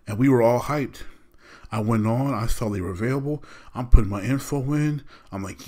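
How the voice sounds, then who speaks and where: A man's voice: mid-range voice, moderate pace, a little mellow. A young adult man hosting a podcast, talking casually and animatedly with slang while venting his frustration. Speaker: podcast host.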